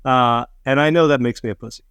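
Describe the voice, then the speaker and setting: A middle-aged man, a comedian, casually telling drinking stories, swearing and self-mocking, acting out quotes with sudden high voices. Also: fast talker, a bit bright, clean tone, no echo. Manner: swearing, self-mocking, acts out quotes with big pitch jumps. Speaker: podcast co-host, comedian. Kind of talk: casual storytelling chat.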